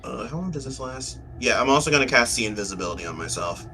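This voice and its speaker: A man's voice: mid-range voice, expressive, fast, bright, forceful tone, a little hiss or hum. A man playing a tabletop game who halts and thinks aloud with many fillers. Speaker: player. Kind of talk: tabletop role-play chat.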